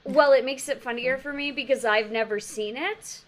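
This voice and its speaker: A woman with a slightly high voice chats casually on a podcast. She tells stories with animation and laughs easily. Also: normal speed. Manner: animated storyteller, laughs often. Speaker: podcast co-host. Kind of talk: casual chat.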